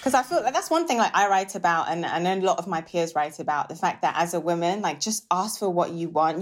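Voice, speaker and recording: A woman who writes, a guest in a casual chat, telling animated stories and acting out her mother. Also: fairly low pitch.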